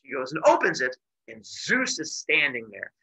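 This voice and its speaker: Animated jokey male teacher telling myths. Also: medium pitch, moderate pace, heavy background noise. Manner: animated, jokey, deadpan asides. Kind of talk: comic myth storytelling to a class.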